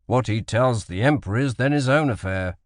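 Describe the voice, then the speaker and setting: A man voicing a commanding British admiral in an audiobook, speaking with deliberate authority. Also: medium pitch, dry recording, clean studio sound, lightly acted. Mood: briefing. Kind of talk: audiobook character voice.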